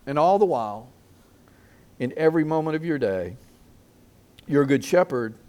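A middle-aged male pastor preaching a sermon, asking the congregation questions and swinging his loudness for emphasis. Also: fairly high pitch, animated, moderate pace. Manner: preaching with call-and-response questions.

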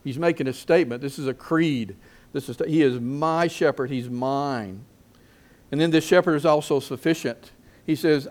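Middle-aged guy preaching, mid-pitched, keeps asking the crowd "what?", gets loud then drops soft. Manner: preaching with call-and-response questions; lively swings in loudness for emphasis. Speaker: pastor. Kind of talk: sermon.

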